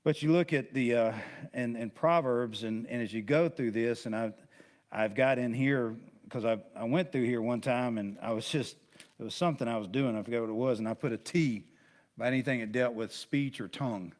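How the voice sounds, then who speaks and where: A man's voice: mid-range voice, normal speed. Male pastor leading a casual Bible study; folksy, rambling teacher, chatty asides. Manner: rambling, conversational, with many restarts and asides; folksy, plain-spoken.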